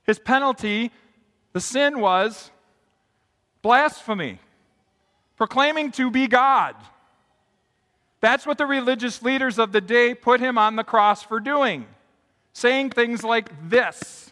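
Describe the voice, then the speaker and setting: A middle-aged man preaching a sermon as pastor in a church, acting out quotes with big swings in pitch and loudness. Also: slow, pauses often. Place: church sanctuary. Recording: long hall reverb.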